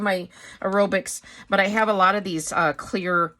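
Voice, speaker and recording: A woman's voice: medium pitch, fairly even intonation, moderate pace, sharp tone, slight background noise. A middle-aged woman casually showing craft supplies, chatty and rambling, with many fillers and self-corrections. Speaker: craft vlogger. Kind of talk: casual show-and-tell chat.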